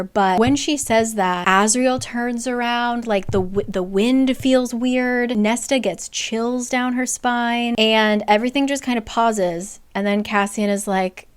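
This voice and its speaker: A chatty woman recapping a book in a loose, casual way, peppering it with "like" and swearing. Her voice is smooth and clear and sits a little high. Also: moderate pace, few pauses. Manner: chatty, frequent "like", profane.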